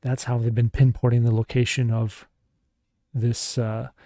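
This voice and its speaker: A man's voice: medium pitch, little pitch movement, a little slow, warm tone, dry recording, studio quality, close to an everyday voice. A man voicing a male starship commander who presses with questions and reasons things out. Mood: pressing.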